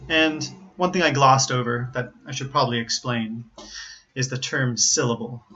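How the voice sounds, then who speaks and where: American man, pronunciation teacher, bright clear voice, careful repeated examples, slightly dull recording. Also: medium pitch, moderate pace. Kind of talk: explaining pronunciation to learners.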